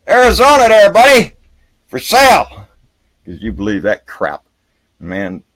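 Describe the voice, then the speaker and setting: A man hosting a live political talk show outdoors by a river, ranting heatedly and with plenty of profanity, then brightening to greet viewers by name. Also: fairly low pitch, no echo. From Texas. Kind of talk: live political rant and viewer shout-outs.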